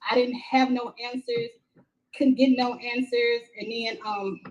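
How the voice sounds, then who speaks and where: A middle-aged woman from Texas, a mother telling her story in a live-stream interview, halting and repeating herself with many fillers. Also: fairly high pitch, steady tone, muffled recording. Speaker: grieving mother, interview guest. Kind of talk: emotional first-person account in a live-stream interview.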